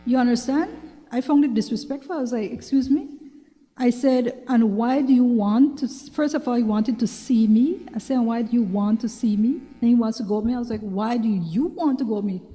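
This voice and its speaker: Belizean woman talk show host, casual advice monologue, chatty and repetitive; warm higher voice, reverberant room. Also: fairly quick. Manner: chatty, repeats herself, asks "you understand?". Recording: long reverberant room sound.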